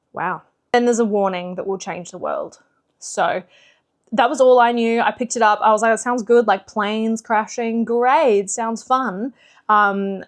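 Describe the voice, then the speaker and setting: A woman book vlogger in casual chat, chatty and animated with lots of fillers. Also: mid-range voice. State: slightly out of breath.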